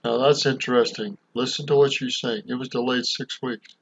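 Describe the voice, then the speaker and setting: A man's voice: medium pitch, steady tone, moderate pace, creaky, slightly rough. A man commenting over an interview clip, repeating and stressing the key points. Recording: dull lo-fi audio.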